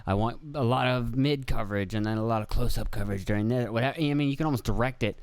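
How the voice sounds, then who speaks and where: A man's voice: medium pitch, quick pace, clean tone, no room sound. A young man hosting a casual solo podcast, rambling and swearing, laughing at himself and acting out quoted voices. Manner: rambling, profane, self-deprecating, acts out quotes. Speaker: podcast host. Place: indoor room with video camera.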